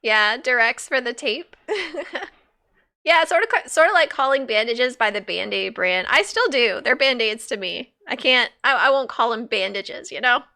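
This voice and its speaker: Chatty girl streamer talking over a game, bright voice that jumps around a lot. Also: fairly high pitch, animated, moderate pace. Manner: chatty, playful, laughs often, reads chat aloud. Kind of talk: casual live-stream commentary.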